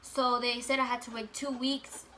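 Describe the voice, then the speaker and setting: A young woman with a bright, fairly high voice tells a casual storytime to her camera, peppering it with fillers and swearing. A faint hum of room ambience sits behind her. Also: little pitch movement, normal speed. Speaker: vlogger.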